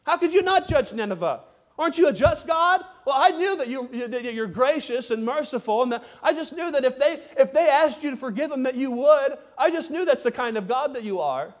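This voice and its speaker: A man's voice: very high voice, expressive, a little fast, pitched above the performer's own voice. A man preaching who voices an angry prophet accusing God, in an exasperated, questioning way. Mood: indignant. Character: angry complaining male prophet, indignant.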